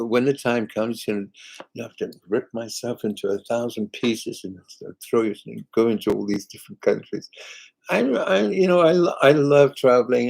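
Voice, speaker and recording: A man's voice: fairly low pitch, warm tone, poor audio. An older British man, a singer hosting a live chat, reading viewer comments aloud in a chatty, rambling way. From Britain.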